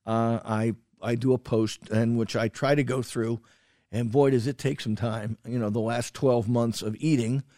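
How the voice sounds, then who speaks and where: A man co-hosting a food podcast, chatting casually and rambling through his lists with restarts and fillers. He swears for emphasis. His voice sits at a middle pitch and sounds dry and close to the mic. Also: steady tone, moderate pace, mellow, no room sound. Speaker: podcast co-host, food critic. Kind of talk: casual chat.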